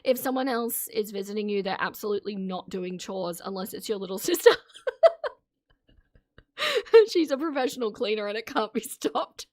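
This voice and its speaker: A woman streamer reacts to videos, offering casual, opinionated commentary to her live chat and laughing often between remarks. Her mid-range voice is a little fast and darkish in tone, with clean studio sound and no room sound.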